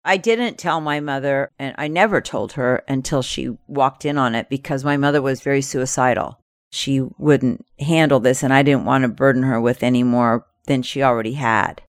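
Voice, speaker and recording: A woman's voice: rumbling low, normal speed, clean tone, dry recording. A woman telling a first-person story from her childhood in a candid, wry, conversational way.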